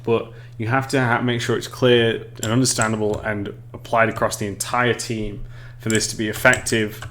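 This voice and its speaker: A man's voice: on the low side, level tone, normal speed, fairly bright tone, a little hiss or hum. An English man casually explaining game level design on a live stream, chatting with viewers and often restarting sentences. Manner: chatty, reads chat aloud, frequent restarts and laughs.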